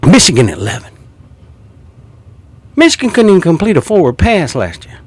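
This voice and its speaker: A man's voice: a little high, huge pitch swings, brisk, breathy edge. A man, ranting profanely about college football rankings. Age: 50s. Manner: profane, heated and mocking. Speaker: sports commentator. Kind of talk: ranting sports commentary.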